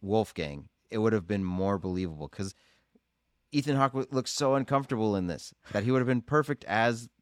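A man's voice: fairly low pitch, lively intonation, fairly quick, clean tone, no room sound. A man co-hosting a casual movie podcast, laid-back with a dry, teasing humor. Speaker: podcast co-host.

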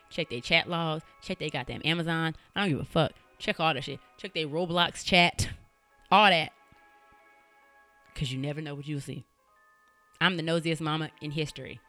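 A woman podcast host tells a true-crime story in a loose, conversational way. Her voice is bright and sharp, and she is blunt and animated, swearing without hesitation. Faint music plays underneath. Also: sits low.

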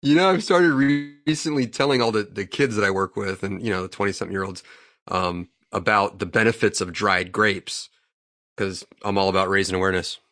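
A man's voice: on the low side, fairly even intonation, a little fast, fairly bright tone, dry recording. A man co-hosting a casual podcast, joking in a dry way. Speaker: podcast co-host. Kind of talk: casual chat.

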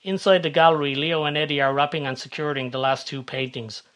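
A man's voice: a little high, a little fast. Man reading a story. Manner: steady, even-toned reading. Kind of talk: scripted story narration.

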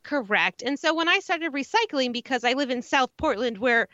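Woman w/ rambling a story, bright voice, slightly high. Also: expressive, normal speed, no room sound, muffled recording. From Maine, USA. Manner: chatty, rambling, lots of fillers. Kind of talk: casual storytelling chat.

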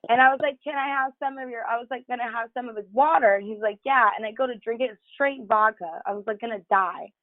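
A woman's voice: on the high side, quick pace, few pauses, dry recording, phone-quality sound. A woman guest on a talk show, telling candid, profane stories in casual chat with lots of fillers. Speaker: podcast guest.

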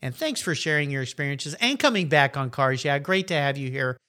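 A man's voice: a little high, animated, fairly quick, pushed and bright. A male podcast host chatting in a friendly, upbeat and encouraging way. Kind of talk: casual interview chat.

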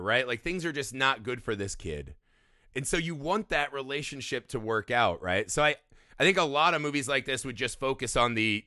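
A man talks through a movie in loose casual chat, his voice bright and forceful against a dry, close sound. He swears freely, laughs often and slips into quick acted-out quotes. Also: medium pitch, no room sound. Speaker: movie podcast co-host.

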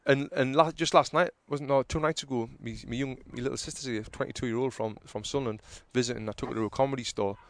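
Animated man telling stories. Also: mid-range voice, quick pace, few pauses, no echo. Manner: animated storyteller who acts out arguments loudly. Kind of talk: casual chat, storytelling.

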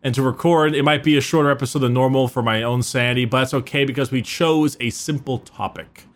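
A man's voice: medium pitch, steady tone, fast talker. A man with a sore throat chatting casually and quizzing his co-host. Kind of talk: casual chat.

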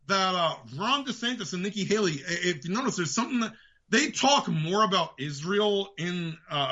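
A man with a New York accent rants about politics as a podcast host, profane and heated. His voice sits fairly high and sounds tense and sharp. The recording is dull and lo-fi. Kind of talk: ranting political commentary.

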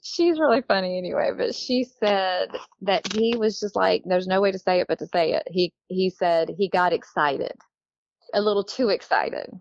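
The sound is lo-fi with a little hiss or hum. A woman with a medium-pitched voice and vocal fry talks at a moderate pace, a guest telling her own story in chatty, casual conversation, frequently laughing and acting out others' words.

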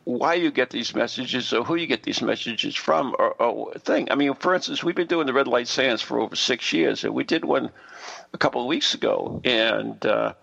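Gravelly, bright-toned male host. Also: mid-range voice, normal speed, lo-fi sound. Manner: rambling, full of fillers and asides. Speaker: podcast host. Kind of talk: casual chat.

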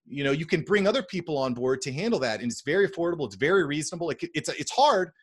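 A man's voice: fairly high pitch, animated, fast, husky. Confident man repeating key points. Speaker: podcast guest. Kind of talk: casual interview chat.

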